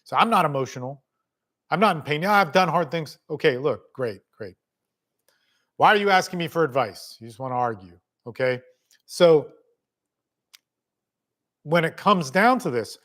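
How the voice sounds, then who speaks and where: A man's voice: medium pitch, fairly bright tone. Blunt, casual-talking man coaching. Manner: blunt, swears casually, talks straight to the viewer. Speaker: family court coach. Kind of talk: casual spoken lesson.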